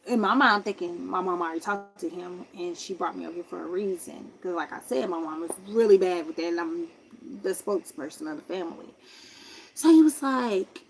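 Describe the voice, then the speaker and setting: A woman's voice: fairly quick, creaky. Young woman chatting through a story, playing out the voices, little hiss behind her. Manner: animated, acts out quoted voices with big pitch jumps. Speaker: vlogger telling a life story. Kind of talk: casual storytelling.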